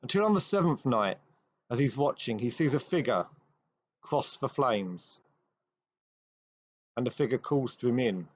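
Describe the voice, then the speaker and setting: Man retelling a ghost story, measured. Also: medium pitch, lively intonation, dry recording. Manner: measured storytelling with dramatic pauses. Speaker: host. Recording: dry, slightly dull recording.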